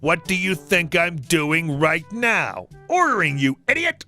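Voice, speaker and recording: A man voicing a rude, entitled woman customer who makes demands and insults staff, read in a flat storytelling voice. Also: a little high, takes it slowly, vocal fry, soft background music, heavily acted. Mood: demanding.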